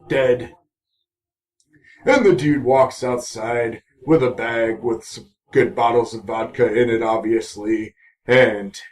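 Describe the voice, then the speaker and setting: A man recapping a TV episode in a casual vlog, rambling and cracking self-mocking jokes. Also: medium pitch. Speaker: TV episode reviewer.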